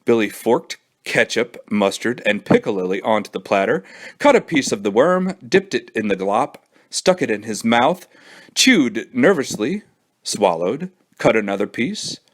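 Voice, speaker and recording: A man who is a children's librarian, reading a storybook aloud with an expressive storytelling manner. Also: mid-range voice, a little slow.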